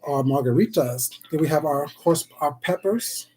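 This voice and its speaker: A man's voice: fairly high pitch, moderate pace, a little mellow. A man hosting a casual eating livestream, chatting with viewers, calling them baby and sweetheart, and humming while he eats. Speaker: food vlogger on a live stream.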